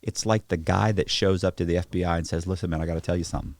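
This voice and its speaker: A man telling stories in casual podcast chat, profane and animated, acting out the people in them. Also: low-pitched, very fast, dry recording. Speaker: podcast guest. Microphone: podcast studio mic.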